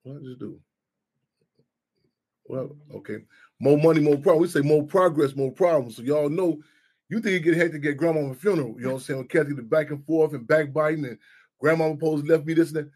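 A man's voice: fairly high pitch, fairly quick, darkish tone, husky. A middle-aged man hosting a talk radio show, rambling and repeating himself, often asking "you know what I'm saying". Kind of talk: casual talk radio discussion.

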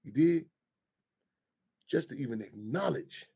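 A man hosting call-in radio talk, animated and profane, rambling with frequent restarts and repeated words. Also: mid-range voice, unhurried, gravelly, breathy edge. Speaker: radio show host.

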